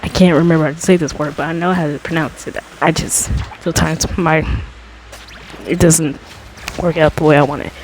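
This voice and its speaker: A woman telling a personal story in a casual storytime monologue, rambling with many fillers and restarts, and climbing higher as she relives the dramatic parts. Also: brisk, slight background noise, low-quality recording. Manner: gets high and excited when retelling dramatic moments. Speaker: storytime vlogger.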